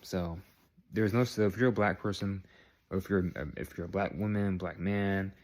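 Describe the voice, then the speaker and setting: Deep-voiced man rambling to camera. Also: steady tone, moderate pace, darkish tone. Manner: rambling, repeats phrases, checks in with "all right?". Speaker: vlogger. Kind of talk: casual talk to camera.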